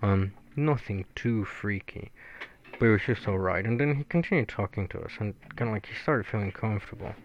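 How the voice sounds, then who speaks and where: A man's voice: fairly low pitch, fairly quick. Rambling man with lo-fi sound. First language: Spanish. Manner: rambling, profane, lots of fillers. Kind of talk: casual storytelling monologue.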